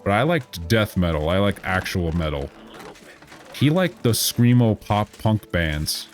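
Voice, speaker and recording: A man's voice: lowish voice, big pitch swings, a little slow, soft background music. A man in his thirties giving casual gameplay commentary as a streamer, sarcastic, rambling and profane.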